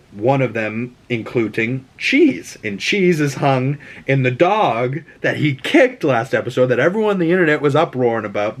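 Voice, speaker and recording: Rambling man recapping a TV episode. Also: mid-range voice. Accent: Boston. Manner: rambling, animated, lots of fillers. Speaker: host.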